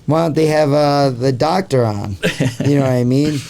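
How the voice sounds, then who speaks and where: Gravelly, dark-voiced podcast host man. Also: mid-range voice, moderate pace. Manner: rambling, heavy on fillers like "like" and "you know"; swears freely. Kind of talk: casual podcast chat.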